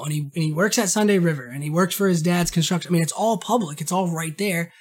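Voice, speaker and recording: Animated rambling man from Maine. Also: sits high, fast, hardly any pauses. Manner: rambling, animated, swears, acts out quotes in a raised voice. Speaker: podcast host. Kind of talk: casual monologue.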